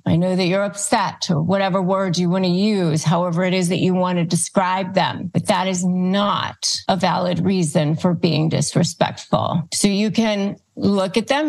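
A woman giving calm, step-by-step advice as a guest expert, speaking in a steady, instructive way. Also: mid-range voice. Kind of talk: advice talk, listing tips.

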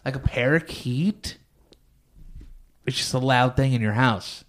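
A man's voice: medium pitch, unhurried, a little hiss or hum. A man co-hosting a podcast in casual chat, telling stories playfully and laughing often. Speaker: podcast co-host.

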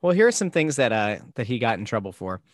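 Playful, lively male podcast co-host. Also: mid-range voice, fast talker, no echo, studio quality. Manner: playful, teasing interjections. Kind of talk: casual podcast chat.

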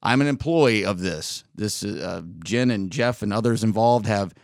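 A man hosting a solo podcast, talking in a rambling, candid way with frequent restarts, his voice slightly worn from weeks of yelling. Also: on the low side, a little slow, vocal fry, no room sound, clean studio sound. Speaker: podcast host. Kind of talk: solo casual podcast monologue.

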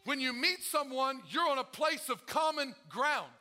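A man's voice: extremely high pitch, animated, a little slow, pushed and bright, faint music behind. A male pastor preaching a sermon to his congregation, calling out to them and acting out the prayers he quotes. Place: church.

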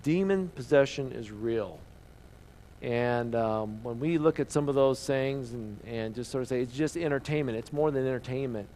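A man preaching a sermon as pastor, earnest, asking the listeners questions and dropping to a hushed voice for emphasis. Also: mid-range voice, moderate pace, slight background noise, rough recording.

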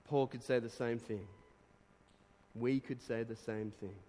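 A man preaching a sermon, reading quotes aloud and breaking into animated exclamations. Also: medium pitch, unhurried. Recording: long reverb of a hall.

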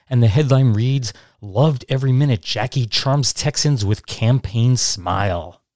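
A man presenting and reading aloud old newspaper headlines, talking informally and reading quoted lines slowly and deliberately. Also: mid-range voice, no echo, clean studio sound. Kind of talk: informal educational narration.

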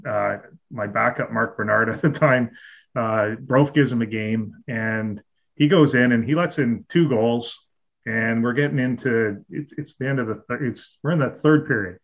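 A man's voice: medium pitch, normal speed. Man, ex-goalie guest, spins loose anecdotes with restarts, dull lo-fi recording. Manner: rambling, with frequent restarts and chuckles. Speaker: former hockey goalie, podcast guest. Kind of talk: casual anecdotal storytelling. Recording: dull, lo-fi audio.

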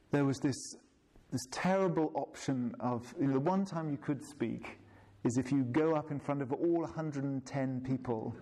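A man's voice: mid-range voice, a little mellow, a little hiss or hum. A man telling a reflective personal story in a wry, self-deprecating way, laughing at himself.

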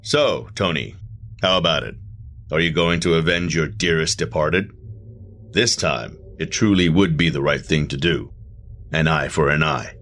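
A man playing a calm, persuasive male agent of the underworld in a black suit, quietly gloating in a horror audio drama. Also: very deep voice, unhurried, a little hiss or hum, full character voice.

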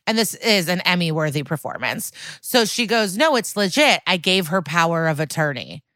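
A woman chatting on a podcast as she recaps an episode, acting out quotes with animated energy. Her voice sits on the low side but sounds bright and forceful. The recording is dry and close. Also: moderate pace, no room sound. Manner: animated retelling with acted-out quotes and laughs. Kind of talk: casual chat.

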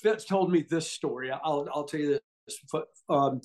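Middle-aged man, Southern US accent, fairly high voice, animated storyteller, laughs a lot. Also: moderate pace. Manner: animated, acts out quotes, laughs often. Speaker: podcast guest, former wrestler. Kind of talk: casual storytelling.

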